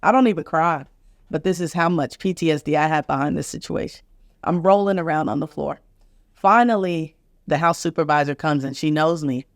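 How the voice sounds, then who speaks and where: A middle-aged woman physician hosting a podcast tells a vivid personal story earnestly and emotionally, emphatically acting out each of the other people's voices. Her voice is low-pitched and brisk, recorded with studio quality and no room sound.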